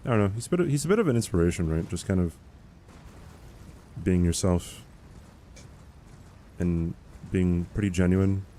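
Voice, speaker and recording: A man's voice: low voice, normal speed, long pauses, dark tone, slight background noise. A man streaming a game live, chatting casually and answering chat questions in a rambling, easygoing way.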